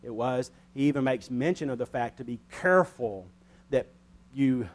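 A man's voice: medium pitch, animated, moderate pace. A man preaching a Bible study sermon in a folksy, conversational way. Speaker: pastor.

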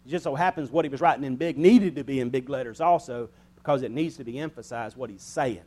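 A man's voice: medium pitch, fast, darkish tone. A man preaching a Bible study sermon in a folksy, conversational way. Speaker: pastor.

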